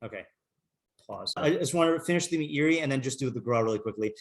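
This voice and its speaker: Rabbi thinking aloud in a small class. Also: male voice, medium pitch, animated, quick pace, creaky. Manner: thinks aloud, mixing Hebrew phrases and filler words. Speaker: rabbi teaching a morning class. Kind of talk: casual Torah class.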